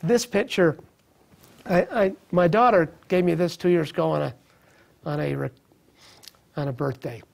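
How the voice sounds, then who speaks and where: A man in his thirties with a fairly high, creaky voice speaks at normal speed with long pauses. As an interview guest, he shares his personal recovery testimony earnestly and reflectively, often restarting his sentences.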